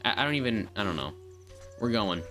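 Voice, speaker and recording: A woman's voice: extremely low pitch, big pitch swings, fairly quick, a bit bright. A woman streaming a game live, chatting casually in a rambling, playful way as she narrates what she does. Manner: rambling, playful, self-narrating, repeats words. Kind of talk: casual live gameplay commentary. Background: game music.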